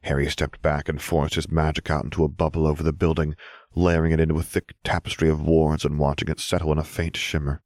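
A man reading story narration in a steady, measured voice. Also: a bass voice, dry recording, clean studio sound. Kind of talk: scripted narration of fan fiction.

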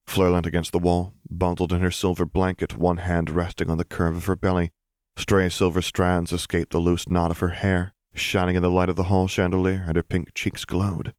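Man, audiobook narrator, steady storytelling, very deep voice, dry close recording. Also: normal speed, dry recording. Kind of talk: fan fiction audiobook narration.

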